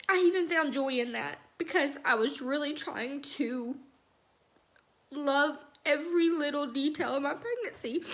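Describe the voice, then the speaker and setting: Brief: young woman in her twenties, high voice, gentle and halting, soft laughs, speaking to camera. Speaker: bereaved mother sharing her story. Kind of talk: emotional personal Q&A vlog.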